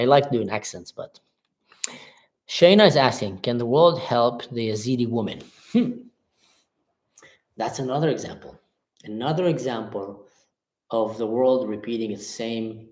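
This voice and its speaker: Impassioned man in a roomy echo. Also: mid-range voice. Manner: impassioned, emphatic. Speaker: livestream host. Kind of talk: live chat reading comments. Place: Germany.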